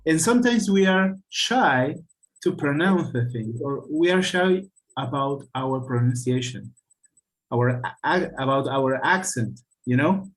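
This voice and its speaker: A man with a Spanish accent teaching an English class over a video call, talking haltingly with many fillers and frequent checks of "right?". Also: mid-range voice, expressive, low-quality recording.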